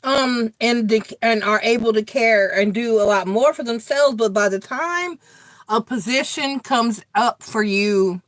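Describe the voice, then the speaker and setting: This middle-aged tarot reader hosts a casual live stream, chatting bluntly and swearing often as she speaks straight to her viewers. Her voice sits on the high side, her pace is measured, and there's no echo.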